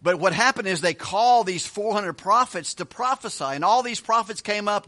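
A man teaching a Bible study as a pastor, retelling scripture with quick voiced asides and chuckles. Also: high-pitched, animated, sharp tone.

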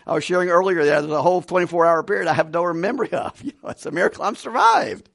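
A man preaching a conversational Bible study sermon with animated delivery and frequent chuckles. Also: high voice, quick pace, gravelly, no room sound, clean studio sound. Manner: conversational, animated, laughs between points.

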